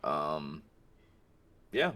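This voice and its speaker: Lively mocking young man. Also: very slow. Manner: lively, mocking, pitch swings a lot. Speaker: podcast co-host. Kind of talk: casual chat.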